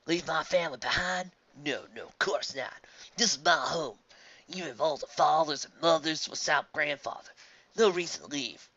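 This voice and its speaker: A man's voice: a little high, normal speed, bright, forceful tone, no room sound, pitched above the performer's own voice. A man voicing a young male bartender who talks in a grumbling, earnest way, on a dull lo-fi recording.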